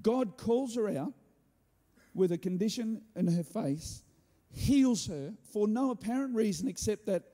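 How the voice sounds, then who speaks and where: A man preaching a sermon, telling a story with animated delivery and joking asides. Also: high-pitched, moderate pace. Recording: hall reverb.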